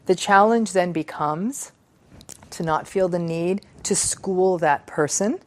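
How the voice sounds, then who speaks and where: A middle-aged woman speaks with a slightly low voice. She is a psychologist who reads viewer comments aloud and reflects on them in an earnest, emphatic, measured way. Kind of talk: reflective talk on relationships.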